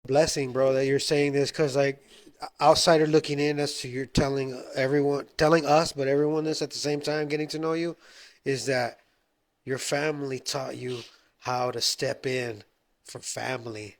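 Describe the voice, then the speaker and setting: Male podcast host, mid-pitched, easygoing, echoes and builds on the guest's points. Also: level tone, moderate pace. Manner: affirming, finishes the guest's thoughts. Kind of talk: casual podcast conversation.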